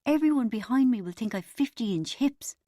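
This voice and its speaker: A woman's voice: a little high, expressive, normal speed, warm tone, no room sound, studio quality, voice pushed up. A woman reading an audiobook, voicing her anxious, self-conscious young friend who talks in a fretful, urgent way.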